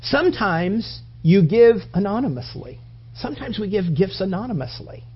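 A man's voice: high voice, slightly rough, highs cut off. A man preaching a sermon in a conversational, rambling way, often restarting his sentences.

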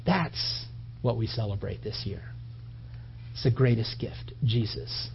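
At an unhurried pace and medium pitch, a pastor preaches, animatedly telling stories and acting out quoted voices. He frequently stumbles, restarts, and repeats words as his points build. The recording is dull and lo-fi with slight background noise.

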